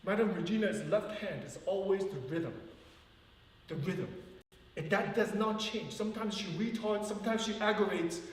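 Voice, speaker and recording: A man's voice: high-pitched, moderate pace. Male ballet teacher, earnest, counts out rhythms; heard from across a long-reverb hall. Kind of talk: teaching a live ballet class. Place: large echoey dance studio. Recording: far-off voice in an echoey hall.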